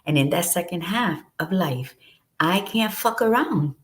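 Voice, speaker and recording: A middle-aged woman with a low voice talks with passionate, unfiltered conviction as she co-hosts her show. She swears freely and speaks from the heart in a casual, motivational way. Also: expressive, measured pace. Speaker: podcast co-host.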